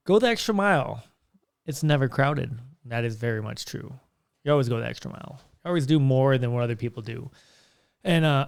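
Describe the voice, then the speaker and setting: Gravelly young man rambling on a podcast. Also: fairly high pitch. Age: young adult. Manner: rambling storyteller with frequent restarts. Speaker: podcast host. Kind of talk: casual solo podcast monologue. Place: small podcast room with curtains.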